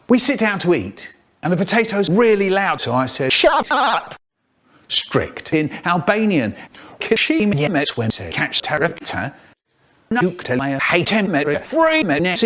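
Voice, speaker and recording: A man telling comic stories in a playful, animated way, full of sudden vocal swings. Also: on the high side, slight background noise. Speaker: storyteller. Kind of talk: spliced comic storytelling clips.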